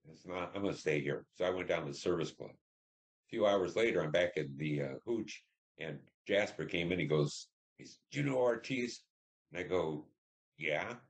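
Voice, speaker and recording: Older guy from detroit, super low voice, slow halting war stories, lots of uhs. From Detroit, Michigan. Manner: halting, reflective storytelling with many fillers. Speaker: Vietnam veteran interviewee. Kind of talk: oral history interview.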